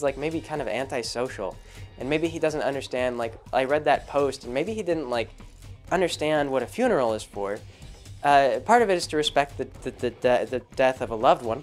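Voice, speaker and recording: A man's voice: on the high side, expressive, a little fast, soft background music. A man hosting his own video, talking through his views in a loose, rambling monologue full of "like" and "you know" and frequent restarts. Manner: rambling, heavy on fillers and restarts. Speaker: video host. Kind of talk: casual commentary monologue.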